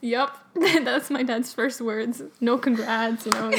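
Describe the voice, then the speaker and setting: A young woman telling a story in casual chat, animated and full of "like" and laughter. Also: a little high, slow, few pauses, heavy background noise.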